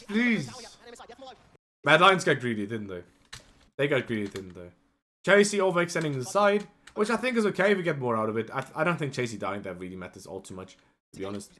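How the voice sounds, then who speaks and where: Animated man coaching over a replay. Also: medium pitch. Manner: emotional, animated, keeps asking "right?". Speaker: esports coach. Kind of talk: live-streamed match review.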